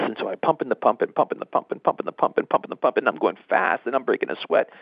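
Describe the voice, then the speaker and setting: A man's voice: medium pitch, lively intonation, fast, vocal fry, hardly any pauses, dry recording. A man hosting a motivational session on a conference call, telling a story in a folksy, conversational way and repeating phrases for emphasis. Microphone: phone. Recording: dull lo-fi phone line.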